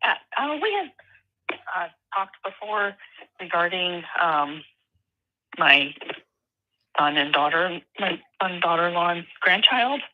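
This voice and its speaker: An older woman from North Carolina calling in to a show, speaking in a hesitant, halting way. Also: lowish voice, lively intonation. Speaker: caller. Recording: dull phone line.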